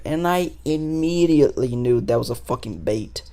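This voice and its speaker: Gravelly young man telling stories. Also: mid-range voice, expressive, moderate pace, few pauses, dark tone. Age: 20s. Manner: loose, swears a lot, frequent fillers. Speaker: podcast host. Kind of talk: casual storytelling.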